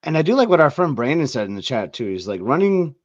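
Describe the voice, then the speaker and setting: A man's voice: fairly high pitch, sing-song, fast, dry recording. A man co-hosting a podcast in easygoing casual chat, full of "like" fillers. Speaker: podcast co-host. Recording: dull lo-fi mic.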